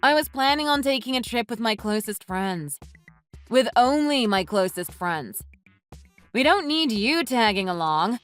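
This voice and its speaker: A woman's voice: a little high, expressive, normal speed, hardly any pauses, a bit bright, soft background music. A woman voicing a snide catty friend. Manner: mocking, dismissive. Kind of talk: texting story voice-over.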